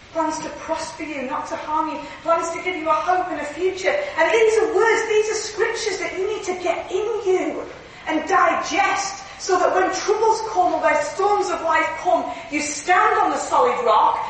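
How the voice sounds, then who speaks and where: A woman preaching a sermon in a church, earnest and lively, often laughing through her stories. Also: high-pitched, a little hiss or hum. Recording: echoey hall from far off, faint ambience.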